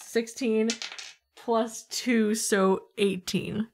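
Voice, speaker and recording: A woman's voice: a little high, steady tone, very slow, darkish tone, slight background noise. Giggly, hesitant woman player. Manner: giggly, hesitant, filler-heavy. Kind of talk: tabletop game chat.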